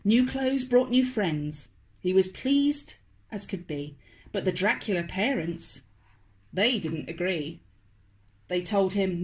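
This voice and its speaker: A woman, a children's author, reading a picture book aloud to toddlers in a slow, expressive, sing-song way. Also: medium pitch. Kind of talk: storybook read-aloud for toddlers.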